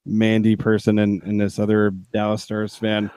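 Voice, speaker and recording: Laughing, excitable podcast guy. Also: on the low side, moderate pace, smooth, no room sound. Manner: laughing, joking, exclaims a lot. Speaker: podcast co-host. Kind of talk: casual chat, live podcast.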